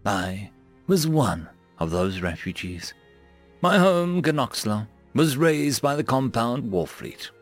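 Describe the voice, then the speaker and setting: A man's voice: medium pitch, animated, slow, faint music behind. A man reading a science fiction story aloud as narrator. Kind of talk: scripted narration.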